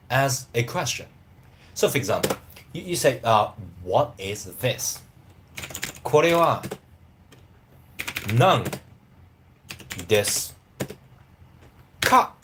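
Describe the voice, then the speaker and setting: Casting: male language teacher, casual live lesson, animated pitch, often checks in with listeners. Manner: lively, repeats "right?" and "you know what?".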